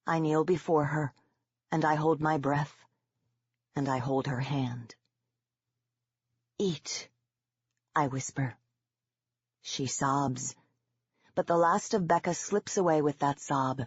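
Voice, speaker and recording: A woman narrates an audiobook in a grave, restrained manner, her voice very low and her delivery slow. The tone is husky and breathy, and the dull, lo-fi recording is dry and close. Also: no room sound. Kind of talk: first-person audiobook narration.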